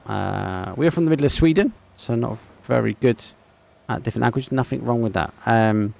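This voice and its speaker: A gravelly-voiced man with an Essex accent commentates a live esports match. He speaks casually and warmly to his viewers, with a chatty, friendly manner. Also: medium pitch, fairly quick. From England. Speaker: esports caster. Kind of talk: live game commentary with chat.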